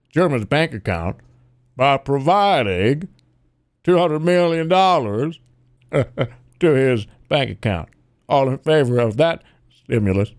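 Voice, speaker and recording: A pompous, drawling old politician, as a man puts him on, grandstanding through a speech. The delivery is slow and puffed-up. The sound is dry and close. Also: medium pitch, dry recording.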